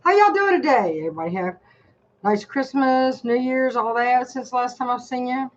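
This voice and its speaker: A woman's voice: high-pitched, expressive, moderate pace, dull audio, background noise. An older woman vlogging a casual product review from her home desk, chatty and rambling as she talks straight to her viewers.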